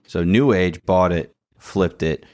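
Low-voiced guy rambling through an episode recap, dry close sound, lots of ums. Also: takes it slowly, darkish tone, no room sound. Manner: rambling, loose storytelling with lots of "um". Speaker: podcast co-host. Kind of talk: casual episode recap chat.

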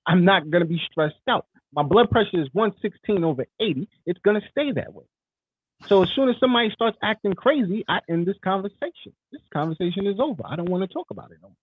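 A man co-hosting a podcast in casual chat, talking in a heated, animated, profane way. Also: sits high, quick pace, husky, no room sound, narrow, tinny audio. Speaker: podcast co-host.

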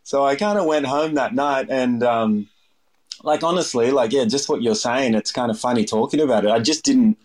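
A man's voice: medium pitch, normal speed, a little mellow. A man in his thirties with an Australian accent, casually telling stories as a chef in an interview, rambling with lots of fillers. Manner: rambling, full of fillers, acts out voices in his anecdotes. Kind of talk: casual storytelling.

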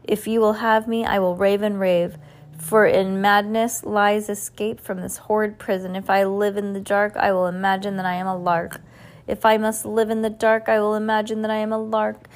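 A woman's voice: mid-range voice, little pitch movement, normal speed, lightly acted. A woman reading as a rambling rhyming jester. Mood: theatrical, fretful. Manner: rhyming, pun-loving, theatrical ramble. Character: anxious, rambling male court jester prisoner.

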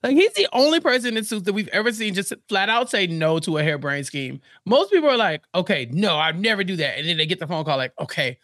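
A man co-hosting a casual TV recap podcast, playful and animated, laughing as he riffs on the plot. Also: high voice, fast, few pauses, dry recording, studio quality. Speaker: podcast co-host.

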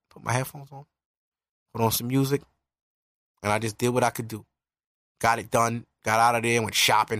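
A young man talking straight into the mic on his own podcast, swearing freely as he hands out earnest relationship advice. His voice sits at an average pitch for a man, and the sound is close and dry with no room echo. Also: vocal fry, fairly bright tone. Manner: candid and profane, earnest advice. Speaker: podcast host. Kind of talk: casual podcast monologue.

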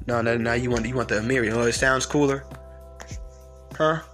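A man's voice: mid-range voice, steady tone, brisk, fairly bright tone, soft background music. A man hosting a podcast, delivering a heated, profane, confrontational rant. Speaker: podcast host. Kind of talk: ranting monologue.

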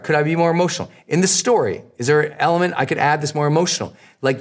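A man hosting a podcast, answering listener questions with an emphatic, repetitive coaching delivery that rises and drops in pitch. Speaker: podcast host, marketing coach.

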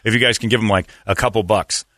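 A man's voice: fairly low pitch, steady tone, quick pace, bright, forceful tone, no echo. A man hosting casual morning radio banter, joking, rambling and laughing often. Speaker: radio host.

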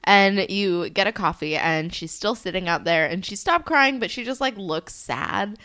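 A woman's voice: mid-range voice, lively intonation, normal speed, pushed and bright. A young woman co-hosting a casual podcast, telling a made-up story in a rambling, jokey way full of "like". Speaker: podcast co-host.

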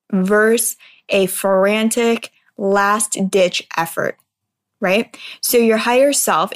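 This is an earnest woman giving a casual motivational talk at a mid-range pitch. She speaks like a mindset speaker in a conversational way. She keeps tossing a quick "right?" to her listeners.

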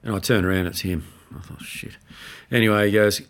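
A man telling lively anecdotes in casual chat, slipping into other people's voices for quotes. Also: on the low side, fairly quick. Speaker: podcast guest. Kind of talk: casual storytelling.

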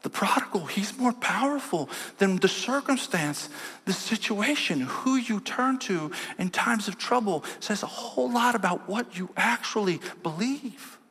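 Bright-voiced pastor preaching in a reverberant hall. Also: male voice, high voice, unhurried, husky. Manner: storytelling, lively quoting of family members. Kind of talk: sermon. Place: church sanctuary. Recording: long church hall reverb.

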